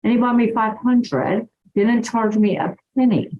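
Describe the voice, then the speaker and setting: A woman's voice: fairly high pitch, a little slow. A woman, from New Orleans, hosting an interview and telling an enthusiastic story. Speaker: podcast host. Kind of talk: casual interview chat. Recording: dull lo-fi audio.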